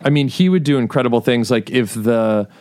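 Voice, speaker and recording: A man in his thirties speaking as a guest, easygoing and halting, often restarting his sentences. His voice is smooth and resonant, recorded dry and close. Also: mid-range voice, darkish tone, no echo. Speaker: guest, writer. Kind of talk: casual chat.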